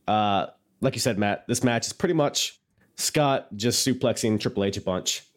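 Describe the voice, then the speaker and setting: A man's voice: fairly low pitch, normal speed. A man co-hosting a casual podcast, rambling through a wrestling recap, self-mocking and laughing easily. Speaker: podcast co-host.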